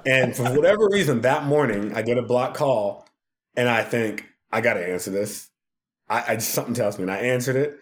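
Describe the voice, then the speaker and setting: Here a podcast guest who produces TV shares an energetic anecdote, voicing the people he quotes and laughing a lot. He speaks at a mid-range pitch and fairly quickly.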